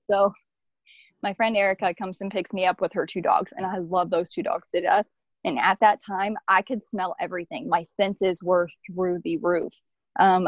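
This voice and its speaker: A woman's voice: medium pitch, dry recording. A woman earnestly recounting a personal experience, rambling and filling her speech with "like". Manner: earnest, rambling, frequent "like" fillers. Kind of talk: personal storytelling. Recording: dull lo-fi dry recording.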